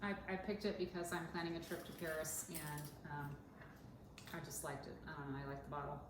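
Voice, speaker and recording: A woman's voice: deep voice, fairly quick. A woman co-hosting a podcast, chatting casually and giggling as she mixes a cocktail. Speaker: podcast co-host, dentist. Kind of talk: casual chat while mixing a cocktail. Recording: echoey room with background noise.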